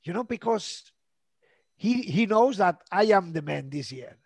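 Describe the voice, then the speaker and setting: A man's voice: high voice, lively intonation, unhurried, creaky, slightly rough, no echo. A man co-hosting a casual motorsport chat, emphatic and fond of saying "you know". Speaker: co-host.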